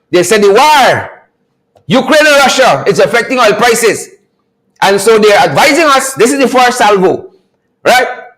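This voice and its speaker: A man's voice: very high-pitched, a bit bright, poor audio. A man hosting a political commentary livestream, mocking and repetitive in his delivery. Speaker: livestream host.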